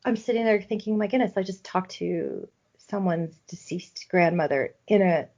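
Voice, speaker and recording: A woman's voice: on the low side, normal speed, a little mellow. A middle-aged woman, an intuitive healer, telling a candid story in conversation and acting out her own thoughts. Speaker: intuitive healer, podcast guest. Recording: slightly dull lo-fi podcast audio.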